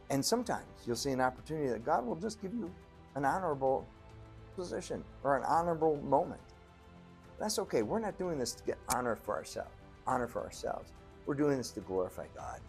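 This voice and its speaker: A man preaching a sermon as pastor, telling the story in an animated way and acting out the scenes. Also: medium pitch.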